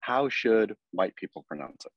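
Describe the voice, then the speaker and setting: An American man co-hosting a podcast in casual chat, animated and quick to act out mock dialogue. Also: fairly low pitch, no room sound, muffled recording. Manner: animated, acts out mock dialogue, laughs often. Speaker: podcast co-host.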